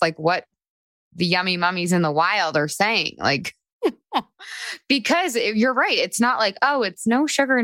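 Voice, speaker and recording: Low-voiced enthusiastic woman podcast host. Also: fairly bright tone, no room sound. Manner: enthusiastic, chatty, swears casually. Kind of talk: casual panel podcast chat.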